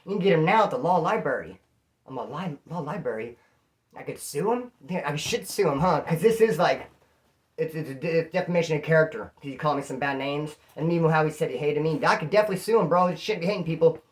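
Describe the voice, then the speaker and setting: A man recounting a jail story in loose, slang-heavy talk. He keeps the telling lively by putting on the voices of the people in it. His tone stays casual and conversational throughout. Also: a little high, fast. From California. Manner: slangy, animated, acts out quoted voices. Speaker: prison storyteller.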